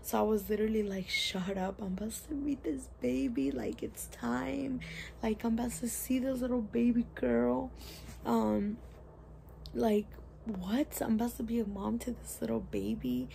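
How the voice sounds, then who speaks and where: A woman's voice: a little high, normal speed, creaky, warm tone, slight background noise. A young woman casually telling a story to camera in a chatty, rambling way, full of "like" and "you guys". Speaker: vlogger.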